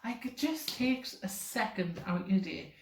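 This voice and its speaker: A woman's voice: medium pitch, expressive, measured pace, a little mellow, a little hiss or hum. A young woman talking casually to camera, rambling with lots of fillers. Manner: rambling, filler-heavy, chatty. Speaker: vlogger. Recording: roomy echoey room.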